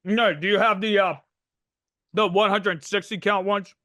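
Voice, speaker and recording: A man's voice: sits high, steady tone, measured pace, pushed and bright, no echo, studio quality. A young man hosting a casual podcast, brash and joking, swearing constantly. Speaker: podcast host. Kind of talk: casual profane podcast chat.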